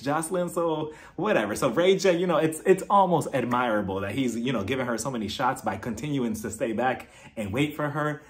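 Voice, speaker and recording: A man with a fairly high voice talks through a reality show episode in a loose, conversational recap. He is candid and outspoken, swears freely and laughs often as he weighs in on the cast. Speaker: reality TV reviewer. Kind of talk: casual recap commentary.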